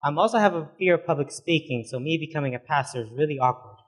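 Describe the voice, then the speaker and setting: Young man, pastor, preaching a sermon, casual, talks with lots of "you know", higher voice. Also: fast talker, breathy edge. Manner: conversational, with many "you know" fillers.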